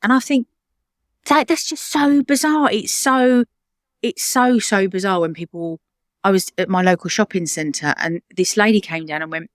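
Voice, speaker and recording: A middle-aged woman from the UK, a charity founder telling stories in an interview, animated and quick to laugh. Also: mid-range voice, no room sound, clean studio sound. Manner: animated, laughs often, acts out quoted voices. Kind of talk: conversational interview storytelling.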